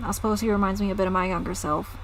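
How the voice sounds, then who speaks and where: A woman voicing a gruff, stern male farm boss in a put-on Southern US accent as she reads game dialogue aloud. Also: mid-range voice, steady tone, rapid-fire, slight background noise, natural voice, rough recording. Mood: grave.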